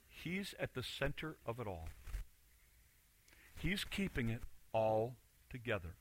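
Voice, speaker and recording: A male pastor preaching a sermon in a church, animated, acting out the voices he quotes and swinging from quiet to loud. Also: mid-range voice, takes it slowly, pauses often. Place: church sanctuary.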